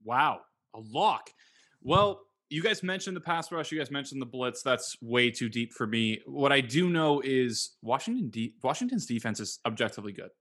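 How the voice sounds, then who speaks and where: A man's voice: mid-range voice, sing-song, moderate pace, few pauses, fairly bright tone. A man hosting a sports podcast, running the picks segment in a joking, self-deprecating way. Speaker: podcast host. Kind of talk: casual sports talk.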